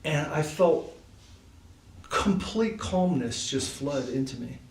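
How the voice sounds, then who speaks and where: A man's voice: on the high side, expressive, slow. Chatty man telling a story, echoey room. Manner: loose and chatty, many fillers like "like" and "you know". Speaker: speaker at a devotional study gathering. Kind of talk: casual personal storytelling. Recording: echoey room, voice far from mic, faint hiss.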